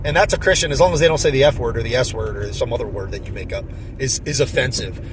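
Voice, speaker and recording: A man's voice: mid-range voice, fast, slight background noise. A man giving indignant, sarcastic opinion commentary, mocking the people he quotes. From New Jersey.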